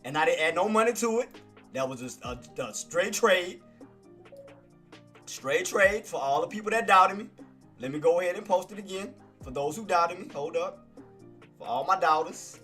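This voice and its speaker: An excitable man narrates his trades live, with a high, bright, forceful voice. He brags and repeats himself over and over, and faint music plays under him. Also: moderate pace, pauses often. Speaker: day-trading streamer. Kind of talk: live trading commentary.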